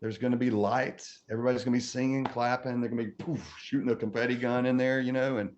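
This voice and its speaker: A man who is a podcast guest, telling a comic story in an animated way and laughing often through it. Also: mid-range voice, fast talker, hardly any pauses. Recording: muffled audio with faint noise.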